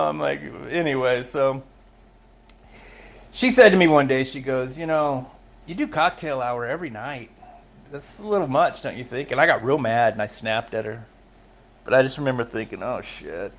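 A middle-aged man, a podcast guest, telling his own story of recovery in a candid, emotional way, often laughing as he talks. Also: mid-range voice. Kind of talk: personal recovery story in conversation.

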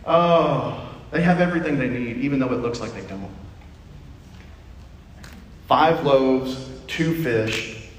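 A man preaching a sermon in a church, playful and animated, acting out little asides. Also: medium pitch, takes it slowly, long pauses, a little hiss or hum. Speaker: pastor. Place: church sanctuary. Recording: echoey hall, mic from a distance.

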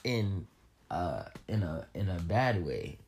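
A young man talks in a relaxed, unbothered way on a casual podcast. He teases and curses often, and his pitch moves around a lot as he speaks. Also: takes it slowly. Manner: laid-back, profane, teasing. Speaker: podcast guest, host's brother. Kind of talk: casual chat.

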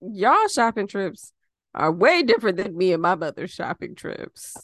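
A woman's voice: medium pitch, sing-song, moderate pace, dry recording, clean studio sound. A woman co-hosting a podcast, reacting with playful, teasing remarks in casual chat. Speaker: podcast co-host.

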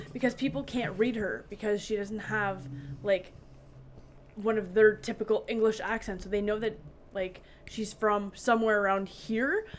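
A woman's voice: mid-range voice, a little hiss or hum. A woman in casual podcast chat, telling a story with many fillers and asides.

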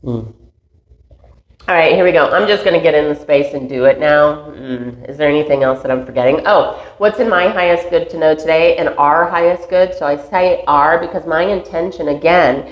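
A woman's voice: low-pitched, moderate pace. A woman giving a reflective spiritual monologue, earnest and meandering, laughing at herself now and then. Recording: roomy echo, slightly dull sound.

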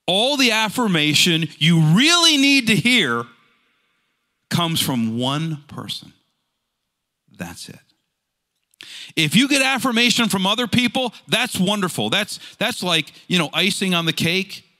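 Male pastor, sermon, animated storytelling, rhetorical questions, lively pitch, bright ringing voice. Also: measured pace.

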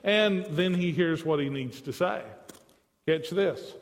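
A man's voice: a little high, slow, long reverb tail. A man preaching a sermon with passion, his delivery rising and dropping, repeating phrases for emphasis.

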